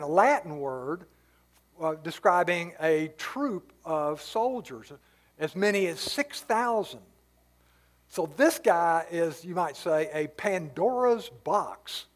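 Casual, high-voiced male preacher. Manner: casual, explanatory, tells stories with many asides. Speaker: pastor. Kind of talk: conversational Bible teaching sermon.

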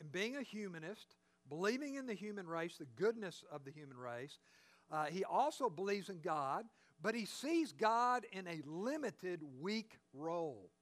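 A man's voice: high voice, a bit bright. A man preaching a sermon, emphatic and driving his points home with repeated rhetorical questions.

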